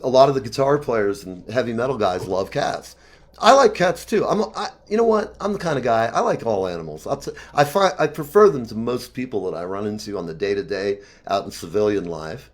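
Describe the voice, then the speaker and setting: A man in his fifties telling rambling personal stories in casual chat, animated and profane, often laughing. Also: fairly low pitch, fairly quick. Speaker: talk show guest.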